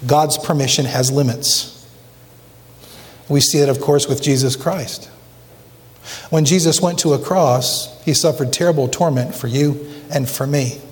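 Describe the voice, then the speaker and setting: In a church sanctuary, a male pastor delivers an emphatic sermon, throwing rhetorical questions at the congregation. His voice sits in the mid-range and moves at a measured pace, carried by long church reverb.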